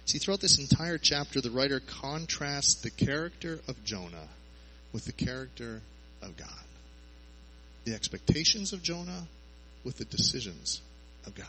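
A man's voice: mid-range voice, expressive, moderate pace, bright, forceful tone, a little hiss or hum, low-quality recording. A man preaching a sermon in a conversational way, asking his listeners rhetorical questions.

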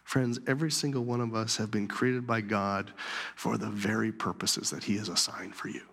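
Man, pastor, sermon, animated with hushed asides, church sanctuary, long hall echo. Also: on the low side, moderate pace, creaky, breathy edge. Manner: animated, dropping to soft whispers for emphasis.

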